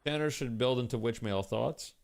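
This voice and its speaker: A man's voice: mid-range voice, normal speed, vocal fry. A man from Canada who hosts a stream and gives casual live commentary on a game, joking and swearing now and then.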